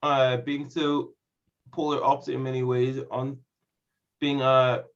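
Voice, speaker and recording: Brief: male comedian guest, flat monotone delivery, halting with many uhs, dull lo-fi line. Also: mid-range voice. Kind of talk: interview answers.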